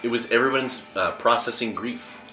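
A man's voice: medium pitch, normal speed, bright, forceful tone. A man hosting a podcast, chatting animatedly about video games and films, swearing freely. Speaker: podcast host. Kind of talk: casual gaming chat. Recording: roomy echo with faint music.

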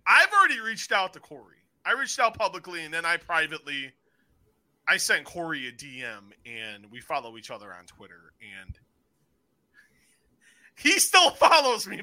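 Male podcast host, high and very lively voice, bright edge, swears and tells stories with energy. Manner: excitable, swears freely, acts out stories. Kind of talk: casual wrestling review chat.

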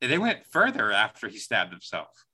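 Very bright-voiced man ranting about films. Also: fairly low pitch, wildly swooping pitch, normal speed, slightly rough. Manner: exasperated, rambling, laughs often. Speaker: podcast host. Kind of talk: casual movie discussion.

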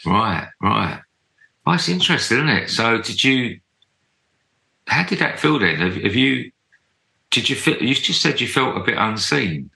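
A man's voice: medium pitch, sing-song, a little slow, gravelly, pauses often, reverberant, rough recording. A man hosting a podcast who asks rambling, friendly questions and often repeats himself. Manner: warm, rambling, apologetic questions with many repeated yeahs. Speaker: podcast host. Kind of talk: casual interview.

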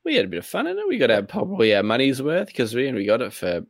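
A man's voice: medium pitch, huge pitch swings, very fast, vocal fry, dry recording, studio quality. A man chatting casually about games, rambling and hesitant, swearing now and then. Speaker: streamer co-host. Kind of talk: casual gaming chat.

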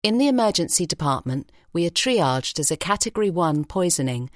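A woman reading an audiobook story in a measured, expressive way in a recording studio. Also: lowish voice, dry recording. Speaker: audiobook narrator. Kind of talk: scripted narration. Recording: dry studio sound.

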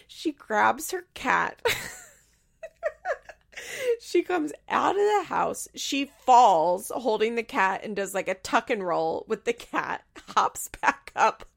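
Young woman podcaster, casual gossipy recap, lots of fry, swears a bunch. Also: mid-range voice. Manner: chatty, swears freely, frequent laughter. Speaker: podcast host.

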